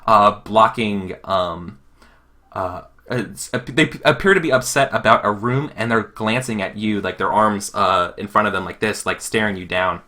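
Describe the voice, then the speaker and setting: A man's voice: fairly low pitch, sharp tone. A man running a tabletop role-playing game, talking loosely with many fillers and restarts. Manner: loose, halting, many fillers, laughs easily. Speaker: game master.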